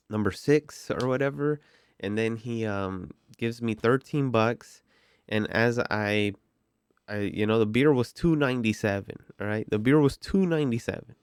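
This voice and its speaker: A man tells a story in a loose, rambling vlog style. He leans constantly on "like" and "you know". His voice is smooth and clear, and it sits in a dry, close recording. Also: lowish voice, dry recording. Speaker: vlogger telling a story. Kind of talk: casual storytelling.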